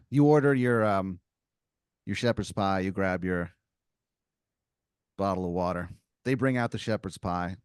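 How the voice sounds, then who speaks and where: A man's voice: deep voice, smooth, no echo, studio quality. A man on a comedy podcast improvising a second-person story, rambling with lots of filler words. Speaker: podcast co-host telling a scenario.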